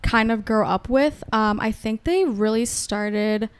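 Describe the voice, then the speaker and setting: Casting: woman guest, smooth clear tone, slightly high, chatty storyteller. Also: unhurried. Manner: chatty storyteller, laughs often. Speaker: podcast guest. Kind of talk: casual chat.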